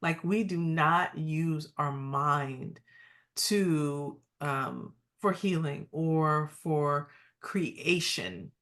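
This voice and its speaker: Woman, podcast host, low voice, affirming, chatty storyteller. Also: expressive, very slow, fairly bright tone. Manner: affirming, frequent agreement sounds; storytelling, quotes others with voices. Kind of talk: casual interview talk.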